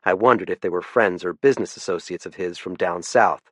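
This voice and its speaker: A man reading a first-person mystery audiobook in a low, understated voice. His delivery is dry and even. The studio sound is close with no room echo. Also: brisk. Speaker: audiobook narrator.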